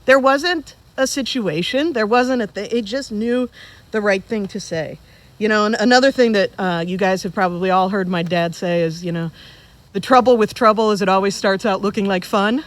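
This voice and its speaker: A woman in her forties giving a eulogy for her father at a funeral service, telling funny stories in a relaxed, conversational way to the people gathered. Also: medium pitch, normal speed. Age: 40s. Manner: conversational, humorous storytelling. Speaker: eulogist, daughter of the deceased.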